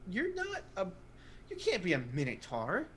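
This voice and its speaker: Guy doing a whiny little gnome kid voice, super high, bouncy. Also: huge pitch swings, normal speed, a bit bright, slight background noise, full character voice. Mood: teasing. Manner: high, childish, whining and pleading. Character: whiny little noble gnome children, about six.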